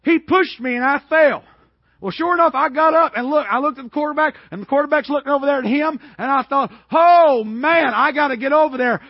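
Male preacher, high and husky, dry slightly muffled sound, animated sermon storytelling. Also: quick pace, no room sound. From Georgia, US. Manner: animated, building to shouted peaks. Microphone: worn microphone.

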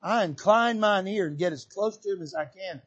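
An older male pastor from Michigan preaches from the pulpit in a notably high voice. He swings from shouted exhortation down to hushed, soft emphasis. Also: normal speed, muffled recording. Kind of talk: preaching a sermon. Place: church pulpit.

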